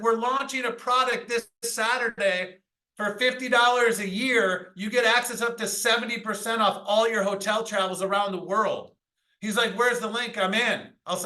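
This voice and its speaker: A man leading a sales training call, pumping up his team with energetic, pushy motivational talk, mild swearing and stories, often checking in with "all right?". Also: high voice, rough recording. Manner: mild swearing, tells anecdotes.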